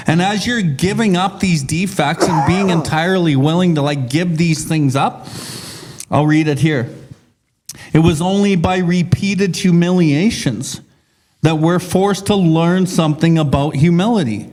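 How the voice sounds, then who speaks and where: A man's voice: a little high, unhurried, a little mellow. Casual, swearing man. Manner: swears freely, rambling storytelling. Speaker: podcast co-host. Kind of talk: casual recovery group discussion.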